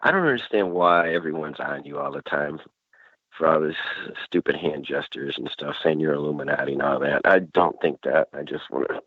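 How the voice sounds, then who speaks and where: A man's voice: very deep voice, a little fast, no echo. A male caller speaking earnestly, defending the host. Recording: tinny phone line.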